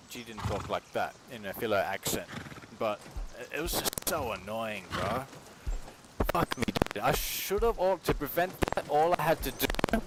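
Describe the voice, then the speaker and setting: A man from Australia, rambling and swearing in a casual stream chat from his kitchen. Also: lowish voice. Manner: rambling, profane, slangy. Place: home kitchen while cooking. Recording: noisy home stream audio.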